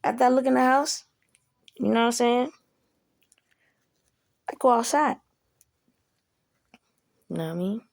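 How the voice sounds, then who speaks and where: A woman's voice: on the high side, lively intonation, unhurried, vocal fry, pauses often, a little mellow. A woman telling a story to the camera in a casual, rambling way, swearing a lot and asking "you know?". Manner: profane, rambling, asks listener "you know?".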